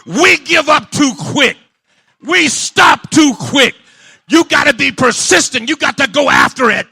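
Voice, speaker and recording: A male pastor a fiery sermon, shouting and repeating his points. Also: very high-pitched, lively intonation, a little slow, creaky, no echo. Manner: shouting, call-and-response preaching.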